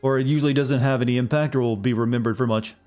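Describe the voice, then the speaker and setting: A man's voice: medium pitch, fairly even intonation, very fast, darkish tone, soft background music. A man streaming a video game, chatting casually and joking with his chat as he plays. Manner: rambling, joking asides to chat. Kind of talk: casual gameplay commentary.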